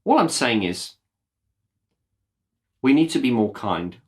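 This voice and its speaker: A man's voice: medium pitch, sing-song, slow pace. A man hosting his own video channel, talking straight to camera in an earnest, impassioned rant and swearing bluntly. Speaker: YouTube channel host. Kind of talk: direct-to-camera vlog talk.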